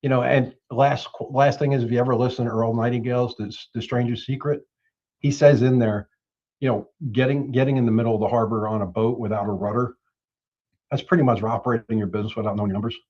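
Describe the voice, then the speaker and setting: Husky man telling a story over a call. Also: mid-range voice, quick pace, highs cut off. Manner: anecdotal, animated when quoting others. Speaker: show participant. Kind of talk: casual storytelling on a web show.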